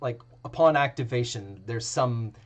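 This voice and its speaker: A man's voice: mid-range voice, normal speed. A man narrating as game master of a tabletop game, rambling with many fillers.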